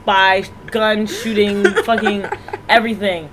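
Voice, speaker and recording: A podcast co-host in a casual reality-TV recap chat, blunt and crude, piling up deadpan exaggerations. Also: medium pitch, a little slow, a crowd in the background.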